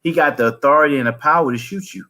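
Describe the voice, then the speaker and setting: A man's voice: fairly high pitch, animated, quick pace, pushed and bright. Earnest male interview host. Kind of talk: casual interview chat. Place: interview studio.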